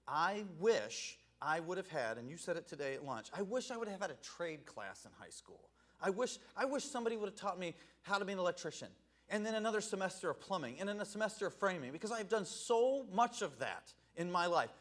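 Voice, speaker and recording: A middle-aged male evangelist delivers a casual, talky sermon. His voice sits high for a man and swings widely in pitch. He checks in with his listeners and laughs at his own asides. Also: fairly bright tone. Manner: conversational, asks "right?" often, laughs at himself. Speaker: evangelist preacher.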